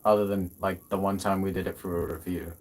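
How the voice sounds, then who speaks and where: Deep-voiced man with a mixed accent. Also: level tone, fast. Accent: mixed American, British and Canadian. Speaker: co-host. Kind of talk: casual livestream chat.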